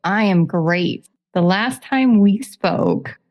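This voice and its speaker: A woman's voice: medium pitch, slow pace, vocal fry, darkish tone, faint music behind. Chatty lady host on a fan podcast, upbeat and playful. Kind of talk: casual podcast chat.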